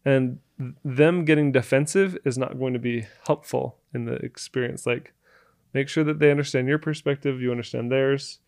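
A man with a medium-pitched voice co-hosts a casual talk about relationships. He is calm and agreeable and explains things carefully. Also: normal speed, vocal fry. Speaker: co-host, married partner. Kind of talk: casual relationship advice chat.

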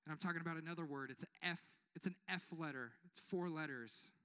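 This young man, a pastor, gives a relaxed, humorous sermon and often invites the crowd to respond with amens. His somewhat high voice moves at a quick pace and sounds a bit bright, clear, and resonant.

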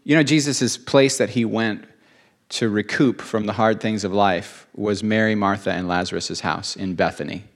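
A man's voice: lowish voice, fairly even intonation, moderate pace. A man preaching a sermon, earnest and emotional, repeating phrases for emphasis.

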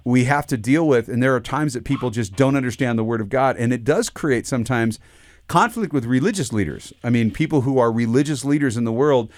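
A man's voice: medium pitch, a little fast, darkish tone. A man co-hosting a pastors' discussion show, talking loosely and often restarting his sentences as he puts questions to the others. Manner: rambling, restarts often, leads questions to co-hosts. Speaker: pastor co-host.

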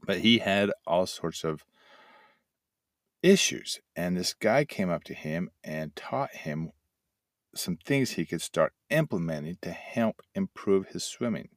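A man's voice: deep voice, expressive, slow, no room sound, studio quality. An older man hosting a motivational talk, telling folksy stories and acting out little sound effects. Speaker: host and addiction mentor trainer.

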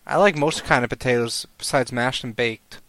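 A man hosts a casual podcast over a video call, his voice bright and forward. He talks with loud, animated energy and laughs easily. The sound is dry and close. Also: mid-range voice, normal speed, dry recording. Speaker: podcast host.

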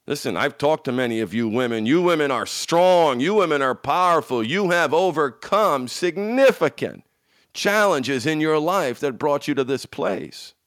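A man coaching an audience in a motivational talk, emphatic and repetitive, swinging from loud bursts to hushed lines, with frank, salty language. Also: a little high, animated, moderate pace, no room sound, clean studio sound. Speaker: addiction recovery coach.

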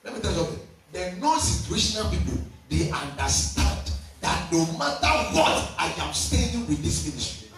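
High-voiced preaching man in echoey hall. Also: big pitch swings, a little fast. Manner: preaching loudly with shifts between languages and call-and-response. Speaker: pastor. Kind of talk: sermon. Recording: distant mic in a very echoey hall with faint music.

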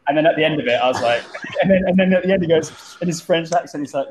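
A man's voice: a little high, fast, darkish tone, low-quality recording. A man telling stories in a casual group chat, often repeating words as he starts a phrase. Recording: light background noise.

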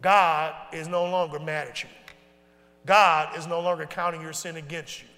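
A male pastor preaching a sermon in casual, folksy speech, asking the congregation questions and swinging from loud to hushed. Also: on the high side, level tone, moderate pace. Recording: long reverb in a large hall.

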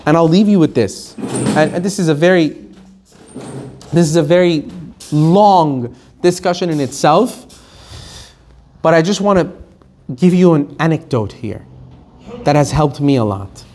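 A man's voice: on the high side, a little slow, pauses often, mellow, a little hiss or hum. A man teaching a Torah lesson, telling stories emphatically and acting out the quotes. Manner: emphatic storytelling, acts out quotes.

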